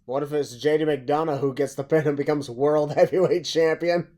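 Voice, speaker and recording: A man tossing out playful, teasing ideas in casual podcast talk. His voice is a bit high. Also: steady tone, moderate pace, a little mellow. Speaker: podcast guest. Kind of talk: casual chat.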